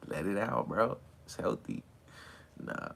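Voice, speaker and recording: A man hosting a relaxed livestream chat, talking in a slangy, drawling way while high. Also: takes it slowly, gravelly, a little hiss or hum. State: high from smoking. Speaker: livestream host. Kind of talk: casual chat with live chat viewers. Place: outdoors or near an open back door, windy. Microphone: phone.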